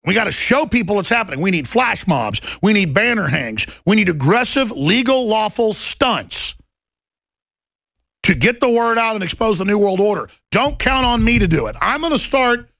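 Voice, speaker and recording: A man hosting a talk show, delivering an impassioned, urgent monologue that bursts into shouting. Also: high-pitched, big pitch swings, moderate pace, no echo.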